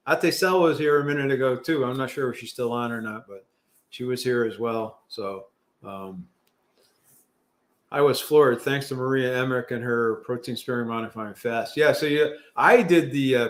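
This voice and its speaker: A middle-aged man from California hosting a casual livestream, rambling with many fillers and restarts and joking about himself. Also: mid-range voice. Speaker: livestream host. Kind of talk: casual live chat reading viewer comments.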